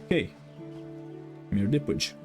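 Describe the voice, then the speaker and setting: A man's voice: fairly low pitch, big pitch swings, slow pace, music in the background. A young man casually commenting on a game as the channel's host, thinking aloud and swearing freely.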